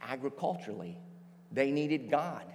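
A man preaching a sermon, telling a story with lively acted-out voices as a pastor. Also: medium pitch, moderate pace, big-room sound, a little hiss or hum. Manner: animated storytelling, acts out voices.

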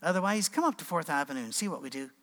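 Middle-aged pastor, a comic storyteller who acts out voices; slightly high voice in a reverberant hall. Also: male voice, very fast. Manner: animated storyteller, acting out voices. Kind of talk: sermon with humorous storytelling.

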